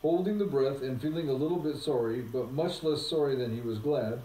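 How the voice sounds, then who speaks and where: A man narrating a novel as an audiobook, calm and even in his storytelling. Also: medium pitch, fairly quick. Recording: roomy sound from a distant mic.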